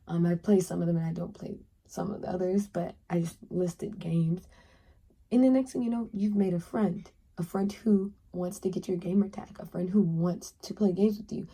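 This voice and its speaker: In a relaxed pick-a-card advice session, a tarot reader in her twenties chats easily, her voice breathy, soft, and deeply mellow in tone. Now and then she shifts into a higher register to play out little conversations.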